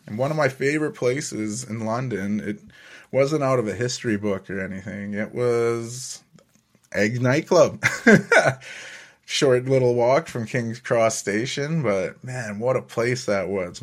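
A man hosting a casual solo podcast, telling stories in a laid-back way, often chuckling and swearing casually. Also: fairly low pitch. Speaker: podcast host.

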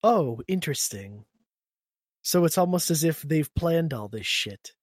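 A man's voice: on the high side, animated, measured pace, dry recording. A man co-hosting a podcast in casual banter, sarcastic and joking, swearing and laughing often. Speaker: podcast co-host.

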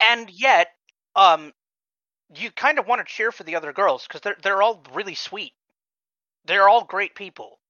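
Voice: mid-range voice, lively intonation, unhurried, pauses often, pushed and bright, dry recording, highs cut off. A podcast co-host in casual chat, rambling with many ums and restarts.

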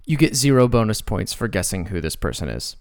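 A man's voice: on the low side, very animated, fairly quick. A man hosting a podcast, narrating in a reflective, self-deprecating way. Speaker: podcast host.

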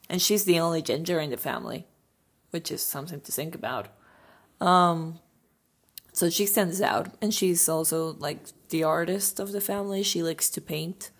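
Husky young woman chatting opinions. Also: on the low side, animated, unhurried. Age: young adult. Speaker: podcast host. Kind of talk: casual opinion monologue.

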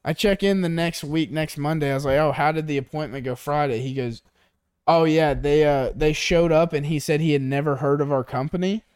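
Smooth, profane storytelling man. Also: fairly high pitch, fairly quick, no room sound, clean studio sound. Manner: profane, animated storytelling with acted quotes. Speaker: podcast co-host. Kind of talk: casual chat. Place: tea shop.

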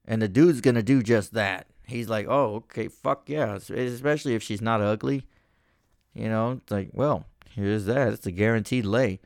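A man's voice: fairly low pitch, moderate pace, darkish tone, no room sound, studio quality. A man hosting a podcast in casual chat, rambling and swearing freely. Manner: profane, rambling. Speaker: podcast host.

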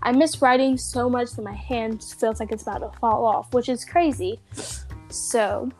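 A woman's voice: a little high, fairly even intonation, moderate pace, darkish tone, soft background music. Chatty young Southern woman. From American South. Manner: chatty, rambling with many fillers. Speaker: podcast co-host. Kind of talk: casual chat.

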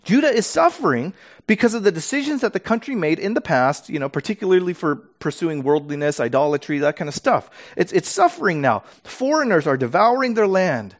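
A man preaching a sermon, reading scripture dramatically and explaining it in a casual, animated way with fillers and restarts. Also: high-pitched, a little fast.

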